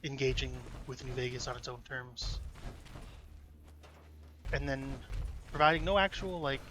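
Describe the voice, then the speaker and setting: A man's voice: medium pitch, a little slow. A man casually commenting on his own gameplay, rambling and muttering to himself with plenty of swearing. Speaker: let's play host. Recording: noisy gameplay recording.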